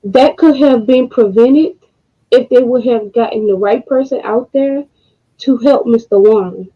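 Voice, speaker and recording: A woman speaks slowly, with pauses, her voice close to tears and full of frustration. She swears bluntly and keeps coming back to the same point. The recording is dull and lo-fi. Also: on the high side, mellow. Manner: frustrated, halting, profane. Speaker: co-host. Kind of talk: emotional commentary.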